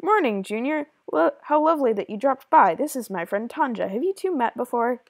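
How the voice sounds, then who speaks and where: A woman's voice: high-pitched, animated, brisk, no room sound, clean studio sound, pitched above the performer's own voice. Woman playing a kind, secretive village beekeeper. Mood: confiding. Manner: gentle, confiding storytelling.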